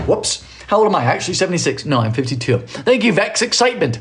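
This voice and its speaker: Chatty male baking streamer in a small home kitchen, fairly high voice, lots of swing in the pitch, jokey, thanks viewers by name. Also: animated, fast, few pauses. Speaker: baking livestream host. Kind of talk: casual live-stream chat while baking.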